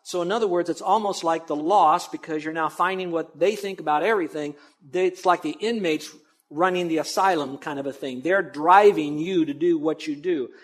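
A man's voice: fairly high pitch, moderate pace. A man pastor preaching a sermon in a conversational, emphatic way with asides to the congregation.

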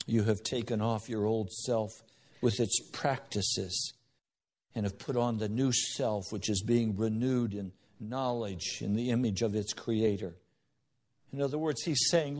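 A man's voice: lowish voice, measured pace, darkish tone. A middle-aged man preaching a sermon, moving from stern warnings to storytelling. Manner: earnest, shifting between stern warning and storytelling. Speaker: pastor.

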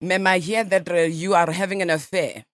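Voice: mid-range voice, steady tone, a little fast, a bit bright, dry recording, natural voice. A radio host putting on a pushy fake Russian gossip reporter. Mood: prying. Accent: put-on Russian. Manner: brash, prying, mocking questions. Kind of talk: prank call.

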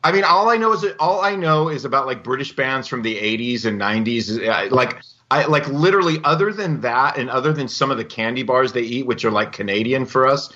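A laid-back man co-hosts a podcast in casual chat, his voice swinging widely up and down. His tone is bright and forward, and the recording sounds dull and lo-fi. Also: medium pitch, brisk, hardly any pauses. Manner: laid-back, says "dude" a lot, animated. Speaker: podcast co-host.

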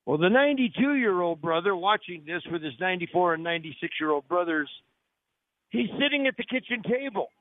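A man's voice: sits high, expressive, a little fast, no room sound. A man hosting a live radio show on location, talking up a restaurant with jokey, salesman-like patter. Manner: upbeat salesman-like delivery, jokey. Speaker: radio talk show host. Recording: narrow phone-like radio audio, dry.

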